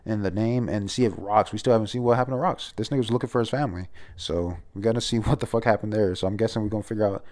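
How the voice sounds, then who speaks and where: A man's voice: fairly low pitch, racing, hardly any pauses, darkish tone. A young man casually reviewing a comic chapter, rambling and profane with lots of restarts. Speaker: manga reviewer.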